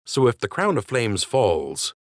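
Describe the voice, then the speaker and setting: A man's voice: mid-range voice, wildly swooping pitch, a little slow, dry recording, studio quality. Man voicing a solemn rabbit king. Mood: grave. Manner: grave, earnest.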